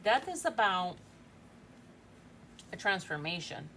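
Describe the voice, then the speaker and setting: A woman's voice: lowish voice, big pitch swings, takes it slowly, pushed and bright, a little hiss or hum. A woman in her forties giving a casual tarot reading, chatty and thinking aloud, often tagging lines with "right?". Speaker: tarot reader.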